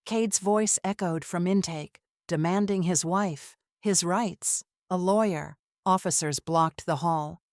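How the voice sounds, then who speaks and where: A woman storyteller reading a tense drama in short, measured phrases. Her voice sits fairly low and moves at an unhurried, very slow pace. The recording is dry and close. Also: darkish tone, dry recording. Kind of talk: scripted dramatic narration.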